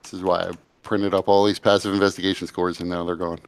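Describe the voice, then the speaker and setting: A man narrating and refereeing a tabletop game as game master, in a casual, halting way. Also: sits low, little pitch movement, smooth.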